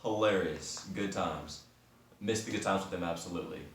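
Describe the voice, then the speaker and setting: A man in his twenties tells a story as a podcast host, animated, slangy and quick to laugh. His voice sits a little low. The sound is roomy, caught from some distance off the mic. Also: a little hiss or hum. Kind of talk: casual storytelling.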